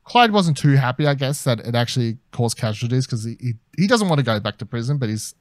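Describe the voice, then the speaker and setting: A man's voice: medium pitch, expressive, quick pace, no room sound. A young man with an Australian accent, co-hosting a laid-back review discussion. He talks in loose, hesitant runs full of fillers and the odd swear word. The recording is close and dry, with no room sound. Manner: rambling, hesitant, swears casually. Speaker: podcast co-host. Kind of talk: casual review chat.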